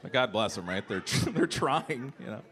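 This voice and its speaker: A man in his thirties performing a stand-up comedy set, animated and jumping into shouted voices for jokes. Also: medium pitch, normal speed, crowd noise. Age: 30s. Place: comedy club stage.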